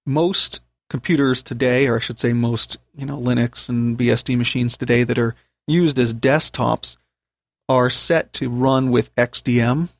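Gravelly man patiently dictating commands. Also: mid-range voice, steady tone, measured pace, no room sound. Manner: patient, spells out commands step by step. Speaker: podcast host teaching a topic. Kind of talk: spoken tutorial.

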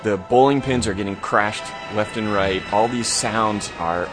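A man's voice: fairly low pitch, a little slow, music in the background. A man co-hosting a horror review podcast, recapping an episode in a rambling, laid-back way with the odd curse. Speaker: podcast co-host. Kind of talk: casual plot recap.

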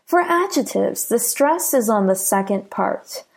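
Slow, gravelly American woman teaching pronunciation. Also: a little high, lively intonation. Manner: repeats each example word three times, stressing syllables. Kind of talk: slow, clearly enunciated pronunciation lesson.

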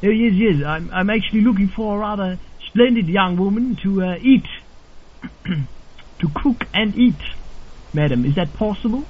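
A man acting a posh, overly polite English gentleman on a prank phone call. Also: high-pitched, expressive, moderate pace. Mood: politely creepy. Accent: put-on posh English. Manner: overly polite, formal, insistent. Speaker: prank caller. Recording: dull lo-fi recording with faint noise.

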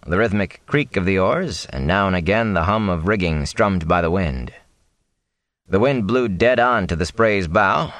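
A man reads a novel aloud in a very deep voice, swinging his pitch widely as he tells the story. The sound is dry and close, with no room around it. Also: a bit bright, no echo. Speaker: audiobook narrator. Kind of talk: scripted narration.

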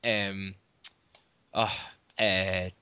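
A man's voice: low voice, little pitch movement, very slow, pushed and bright, clear, resonant tone, highs cut off. A man, co-hosting a casual fan chat and often searching for words. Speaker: podcast co-host.

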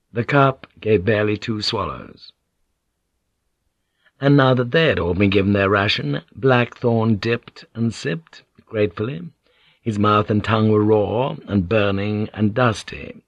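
A man giving scripted audiobook narration in a measured, grim storytelling manner, on a dull, lo-fi recording. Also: fairly low pitch, no echo.

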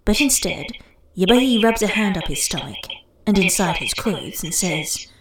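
A woman's voice: mid-range voice, expressive, normal speed. A tipsy woman reading fan fiction aloud, giggling and breaking off into mock-dramatic asides. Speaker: reader.

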